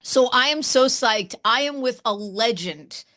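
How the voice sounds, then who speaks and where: A woman radio host chatting with a guest in a gushing, excitable way, talking fast in bursts. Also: fairly high pitch, dry recording, studio quality. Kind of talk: enthusiastic interview chat.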